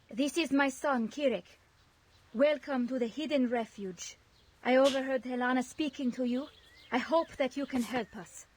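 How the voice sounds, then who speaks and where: A woman voicing a grieving refugee mother in a fantasy game, speaking formally and gently. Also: sits high, slight background noise. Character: grieving mother, refugee mage from a desert land. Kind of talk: game voice acting.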